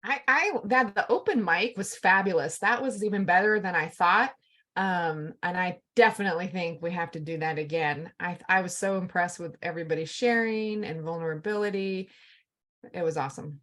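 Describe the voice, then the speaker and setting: A woman's voice: on the low side, moderate pace, fairly bright tone. A woman chatting casually over a video call, gushing with enthusiasm about people and events.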